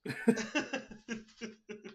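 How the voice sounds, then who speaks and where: A man's voice: sits high, drawn-out words. A man running a tabletop game over a video call, laughing often between his rulings. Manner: giggly, animated. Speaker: game master.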